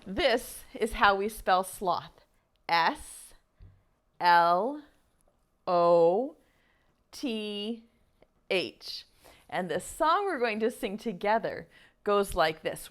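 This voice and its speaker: A woman teaching an online preschool lesson to small children, speaking gently and encouragingly and singing slow children's songs. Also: mid-range voice, very animated.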